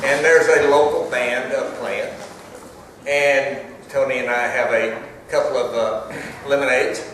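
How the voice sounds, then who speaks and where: An older man spins a long, rambling tale at a panel, stopping often for ums and uhs. His voice sits at an average pitch. It is heard from far off in a very echoey hall. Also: steady tone, a bit bright, a little hiss or hum. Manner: rambling, fills pauses with um and uh. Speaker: actor on a Q&A panel. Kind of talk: casual storytelling. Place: festival hall with a live audience.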